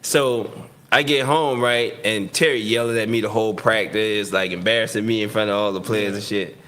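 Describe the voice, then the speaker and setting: A man, a football player guest, telling a story in a casual, slangy and animated way, laughing as he goes. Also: lowish voice, normal speed. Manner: slangy, lots of "right?" and "you know what I'm saying". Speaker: guest, pro football receiver.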